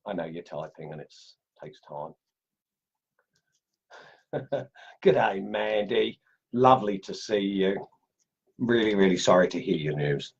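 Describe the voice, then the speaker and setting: A middle-aged Australian man hosting a casual woodcarving livestream from his home workshop, chatty and excitable, laughing as he tests knives and greets viewers. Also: low voice, slow, vocal fry, pauses often, slightly rough, muffled recording. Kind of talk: casual live-stream chat, unboxing and testing knives.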